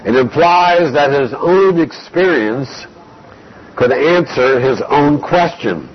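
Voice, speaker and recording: A man preaching an expository Bible lesson, slow and deliberate, reading scripture aloud between explanations. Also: fairly high pitch, expressive, breathy edge. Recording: dull lo-fi recording.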